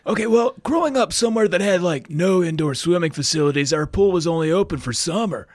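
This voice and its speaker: A mellow, drawling surfer dude, as a man does an impression of him for a podcast bit. He sounds easygoing and a few steps higher than a normal speaking voice, and he stretches some of his words slowly. The sound is dry and close to the mic. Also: lively intonation, no echo. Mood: laid-back. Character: laid-back surfer-dude young man, Keanu-style.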